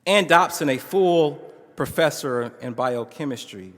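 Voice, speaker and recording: A man's voice: fairly high pitch, expressive, measured pace. A man at a conference reading a narrative aloud with expression, acting out the dialogue in shifting voices. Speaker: conference speaker reading a case story. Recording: long reverb of a large hall.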